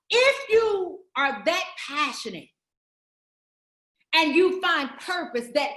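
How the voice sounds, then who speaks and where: Woman, motivational summit speaker, bright sharp tone, sermon-like emphatic delivery. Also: very high voice, big pitch swings, slow pace, pauses often, echoey room. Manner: preacherly, repetitive emphatic build-ups. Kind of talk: motivational speech.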